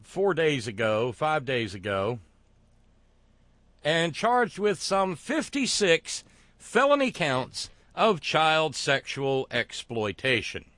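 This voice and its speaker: A man's voice: a little high, very animated, fairly bright tone, dry recording. Sardonic man hosting a monologue show. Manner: sardonic, wry, halting with fillers. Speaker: commentary show host.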